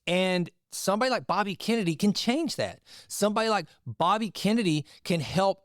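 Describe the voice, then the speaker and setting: Podcast host, middle-aged man, conversational and digressive, fairly high voice, dry close sound. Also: lively intonation, a little fast, no echo. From Texas. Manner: conversational, digressive, chatty asides. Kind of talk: casual monologue reading and commenting on an article.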